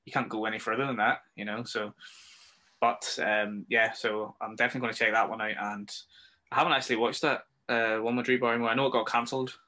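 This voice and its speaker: A man's voice: medium pitch, flat delivery, quick pace, sharp tone. A man with a Northern Irish accent co-hosting a casual film review chat, ranting and swearing freely. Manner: ranting, swears freely, acts out scenes in raised voices. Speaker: podcast co-host.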